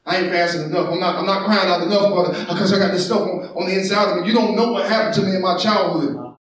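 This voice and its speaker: A man preaching a sermon with passion, calling out to his congregation and often shouting. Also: high voice, fast. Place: church. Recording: echoey church sound from far off.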